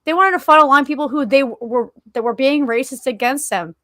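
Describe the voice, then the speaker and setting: A woman's voice: high voice, brisk, bright, forceful tone, no room sound, clean studio sound. A woman co-hosting a podcast in casual chat, emotional and swearing freely, with many "like"s and restarts. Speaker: podcast co-host.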